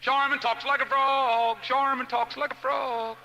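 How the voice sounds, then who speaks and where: A man voicing excited little children who eagerly beg their dad in high, pleading voices. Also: unhurried, long reverb tail, a little hiss or hum, exaggerated voice. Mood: taunting.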